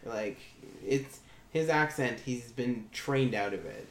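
A man's voice: mid-range voice, slow pace. Rambling, hesitant man. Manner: rambling, hesitant, many restarts. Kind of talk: casual chat. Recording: echoey room with faint noise.

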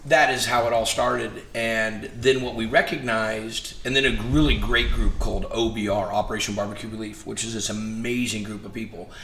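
This man's voice sits lowish, at a moderate pace with few pauses, as he animatedly tells stories as a guest in a conversation, acting out quoted lines. The casual chat was recorded in an echoey room with faint noise.

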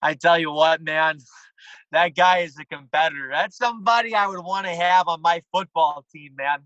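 A man's voice: on the high side, moderate pace, a bit bright, dry recording, dull audio, natural voice. A man putting on a fired-up, folksy middle-aged male football commentator gushing over a player.

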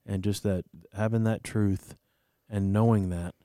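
A man with a very low, mellow voice rambles through a joke and a personal story, self-deprecating and full of fillers. It is casual faith chat, recorded close and dry. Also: fairly even intonation, measured pace, dry recording.

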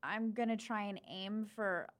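A woman's voice: medium pitch, steady tone, a little slow, a bit bright. A woman playing in a tabletop role-playing game, chatty and asking questions about the scene. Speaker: player. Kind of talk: casual chat at a tabletop game.

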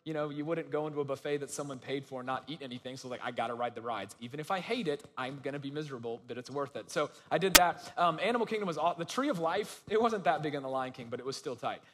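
A man's voice: on the high side, animated, fast talker, few pauses, bright, forceful tone, big-room sound, slight background noise. A young adult man giving a casual, conversational sermon, telling a story with many asides to the audience. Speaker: preacher.

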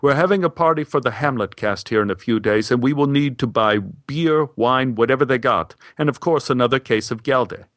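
A grave Norwegian stage director who speaks in slow, careful, weighty tones, as a storyteller puts him on. The voice sits a little lower than the teller's own, in a dry room without echo. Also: male voice, expressive, fairly bright tone, close to an everyday voice. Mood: earnest. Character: stern older Norwegian male theater director.

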